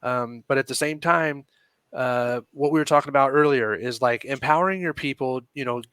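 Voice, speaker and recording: A man's voice: mid-range voice, normal speed, a bit bright, smooth, no echo. A man who owns a business, speaking as a podcast guest in a rambling, hesitant way. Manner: rambling, hesitant, many fillers. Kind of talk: casual podcast chat.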